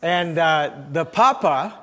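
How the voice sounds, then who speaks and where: A man's voice: on the high side, lively intonation, slow pace, a bit bright. A man preaching a sermon as pastor, telling stories with many fillers and restarts. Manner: storytelling with frequent fillers and restarts. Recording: long reverb of a large hall.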